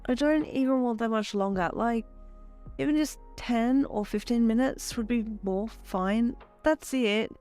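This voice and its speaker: A woman's voice: medium pitch, expressive, normal speed, faint music behind, voice pushed up, lightly acted. A woman voicing a sulky, lovesick young woman who huffs and pleads, in a fan fiction audio reading. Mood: pleading.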